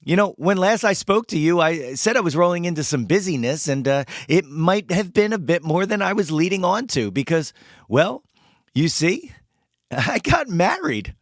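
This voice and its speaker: A man hosting a podcast with a hoarse voice after losing it singing, talking in a playful, hyped-up way. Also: on the high side, lively intonation, moderate pace, no room sound, studio quality. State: hoarse, lost his voice. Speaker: podcast host. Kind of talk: casual podcast chat and ad reads.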